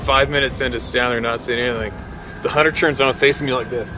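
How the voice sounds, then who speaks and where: A man's voice: mid-range voice, steady tone, fast talker, bright, forceful tone, slight background noise. A middle-aged man, a hunting guide, telling a story vividly and laughing between lines. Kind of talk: animated storytelling. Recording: music playing under the voice.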